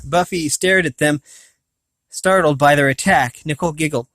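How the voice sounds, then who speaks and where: A man's voice: fairly high pitch, normal speed, fairly bright tone, dry recording. A man reading a novel aloud, often stumbling, restarting and correcting himself. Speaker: reader of a novel. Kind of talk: amateur audiobook reading.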